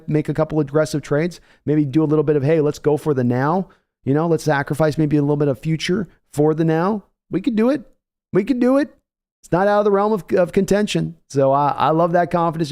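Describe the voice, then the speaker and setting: A man's voice: fairly high pitch, a little mellow. A man hosting a live sports reaction stream, reading out donations and chatting casually with his viewers. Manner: reads donations aloud, chatty and hyped.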